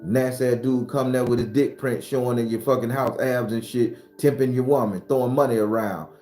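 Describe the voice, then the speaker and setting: A man giving a blunt, profane, preachy spiritual talk, whose voice climbs and gets loud when he is fired up. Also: medium pitch, steady tone, fairly quick, echoey room, soft background music. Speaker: spiritual teacher.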